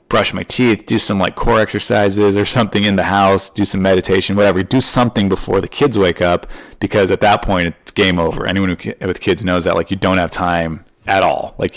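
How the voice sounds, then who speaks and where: Rambling, lively man telling stories. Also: lowish voice, no room sound. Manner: rambling, animated, quotes people in voices. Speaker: podcast host. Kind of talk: casual storytelling monologue.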